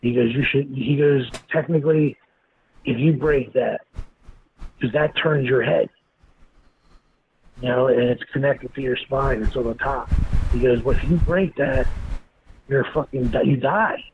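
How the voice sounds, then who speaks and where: A man's voice: medium pitch, a little slow, long pauses. A man, a guest in an interview, telling a story bluntly and with lots of swearing. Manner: blunt, profane, animated storyteller. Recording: tinny phone-like line with faint noise.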